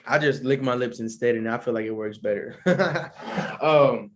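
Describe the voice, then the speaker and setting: Young guy w/ aave just chatting on his solo podcast, mid pitch, rambly and chill. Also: normal speed. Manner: laid-back, rambling, slangy, laughs often. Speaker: podcast host. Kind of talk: casual solo podcast chat.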